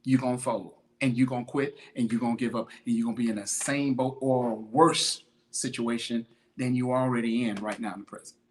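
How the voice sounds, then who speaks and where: Steady in tone and medium in pitch, this man speaks a little fast. He's a fitness motivator hosting a podcast, preaching consistency in a slangy, repetitive way and calling out viewers by name mid-talk.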